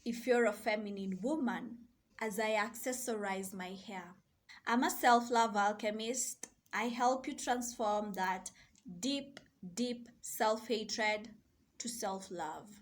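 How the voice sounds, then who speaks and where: A woman coach sharing a slow, soft and deliberate reflective monologue. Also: mid-range voice. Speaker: self-love and mindset coach.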